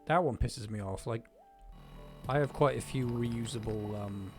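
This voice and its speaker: A man's voice: mid-range voice, unhurried, soft background music. A man on a stream, chatting casually and ranting wryly about everyday gripes. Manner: ranting, wry. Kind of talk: casual chat.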